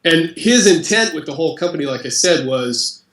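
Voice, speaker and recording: A man being interviewed on a podcast, speaking in a relaxed, conversational way with fillers. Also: fairly high pitch, a little fast, echoey room. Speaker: interview guest, company president. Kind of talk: casual interview chat.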